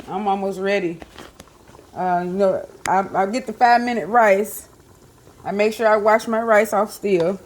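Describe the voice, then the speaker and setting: A woman's voice: medium pitch, a little hiss or hum. A woman, chatting casually to viewers while she cooks in her home kitchen, with lots of fillers. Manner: chatty, talks to viewers as y'all, many fillers. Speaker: home cooking vlogger. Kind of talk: casual kitchen vlog chat.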